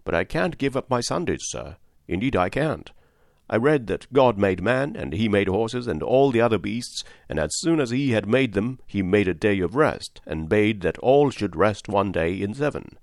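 A man's voice: on the low side, animated, normal speed, creaky, dry recording, studio quality. A man reading the part of an honest, hardworking cabman who speaks earnestly and respectfully. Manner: earnest, respectful, plain-spoken. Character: honest hardworking male London cabman, steady and devout. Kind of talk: audiobook character reading.

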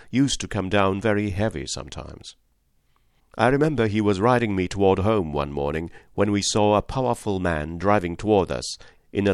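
A man reads a classic novel aloud with a deep, low voice and a calm, measured pace. The sound is dry and close, with no room echo at all. His delivery is steady and plain. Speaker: audiobook narrator. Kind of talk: scripted narration.

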